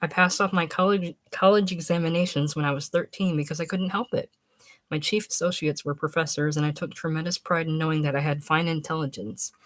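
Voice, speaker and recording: A woman's voice: sits low, steady tone, fairly quick, no echo, close to an everyday voice. A woman reading aloud, voicing a stiff, earnest young male scholar who lectures precisely. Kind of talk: audiobook reading.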